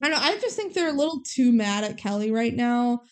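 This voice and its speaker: A woman with a somewhat high voice chats through a movie recap for a podcast. She retells the scenes with a lot of life and keeps slipping into the characters' lines as she goes. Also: animated, a little fast, a little mellow. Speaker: podcast co-host. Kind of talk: casual chat recapping a movie.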